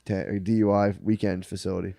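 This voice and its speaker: Young male podcast co-host, fast, rowdy storyteller, dry close mic. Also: lowish voice, flat delivery, vocal fry, dark tone, dry recording. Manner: rowdy storyteller, lots of swearing, acts out quotes. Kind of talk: casual podcast banter.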